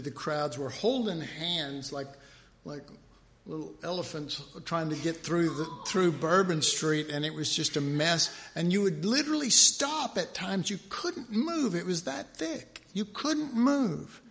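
A man preaching a sermon in a chatty, joking way, telling stories and doing quick voices of people in them. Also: a little high, vocal fry, a bit bright. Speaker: pastor.

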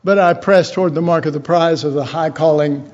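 A man's voice: a little high, brisk, a little mellow, slight background noise. A man giving a conversational Bible teaching, chatty and informal, acting out little imagined dialogues. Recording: dull lo-fi recording.

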